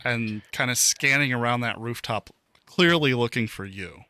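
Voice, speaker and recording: A man narrating a tabletop game as game master in a relaxed, rambling way, full of fillers and dad jokes. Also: mid-range voice, moderate pace.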